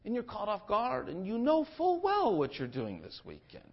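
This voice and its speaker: A pastor preaching a sermon, shifting between hushed passages and forceful declarations. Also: male voice, sits high, wildly swooping pitch, moderate pace, breathy edge. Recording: dull lo-fi sermon recording.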